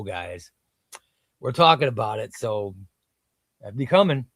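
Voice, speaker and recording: A man's voice: medium pitch, very animated, unhurried, no room sound, clean studio sound. A man hosting a casual comics livestream, chatting loosely and reading viewer comments aloud. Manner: hypes sponsor in a shouted ad read. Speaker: livestream host.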